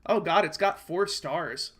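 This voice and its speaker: A man's voice: on the high side, measured pace, a bit bright. A young American man in casual podcast chat over an online call, rambling and swearing as he rants about bad food. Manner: rambling, profane, worked-up storytelling. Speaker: podcast co-host. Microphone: online call microphone.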